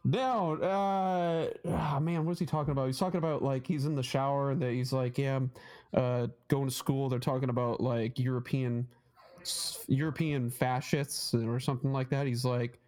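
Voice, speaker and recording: A man's voice: medium pitch, steady tone, moderate pace, darkish tone. A man co-hosting a podcast, chatting casually and rambling through retold jokes. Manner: rambling, retells jokes in put-on voices. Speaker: podcast co-host. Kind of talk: casual chat.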